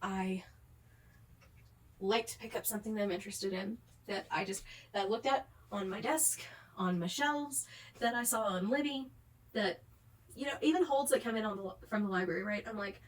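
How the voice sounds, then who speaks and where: A woman's voice: mid-range voice, fairly quick, recorded from a distance. Exasperated swearing woman ranting at home. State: worn out from crying. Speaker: book vlogger. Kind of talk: frustrated ranting vlog. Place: home, with pets nearby.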